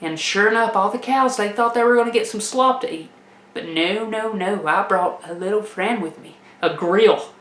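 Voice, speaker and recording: A woman telling a comic tale in a folksy, animated way, laughing as she goes. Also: medium pitch, moderate pace, echoey room. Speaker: storyteller. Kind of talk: comedic personal storytelling.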